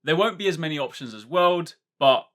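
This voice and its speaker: A man's voice: on the high side, lively intonation, fairly quick, a bit bright. A man imitating a game developer who gives a polite, noncommittal answer. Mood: placating. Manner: diplomatic, noncommittal.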